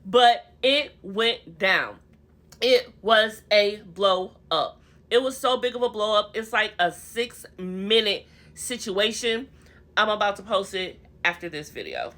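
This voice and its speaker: A woman's voice: medium pitch, animated, takes it slowly, bright, forceful tone. A young woman recapping a reality TV episode in a chatty, slangy, gossipy way, calling her viewers honey and y'all.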